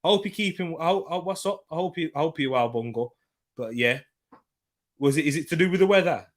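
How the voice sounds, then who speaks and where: A young man hosting a live football watchalong, commenting on play, reading viewer comments and shouting at referee calls. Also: a little high, fairly quick. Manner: shouts at referee decisions, then chats calmly with viewers.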